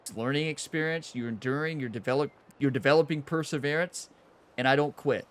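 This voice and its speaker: A young man talks through a round of a golf video game as the host of his own channel. His voice sits a little higher than most men's, and he keeps chatting and laughing while swinging between frustration and excitement. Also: fairly quick. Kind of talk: casual gameplay commentary.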